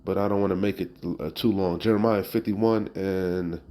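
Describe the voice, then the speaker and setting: A man's voice: deep voice, steady tone, normal speed, dark tone, rough recording. A man preaching, reading Bible verses aloud and then explaining them in blunt, emphatic talk full of "you know?" asides. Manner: blunt and emphatic, occasional profanity. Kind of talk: street-style scripture teaching.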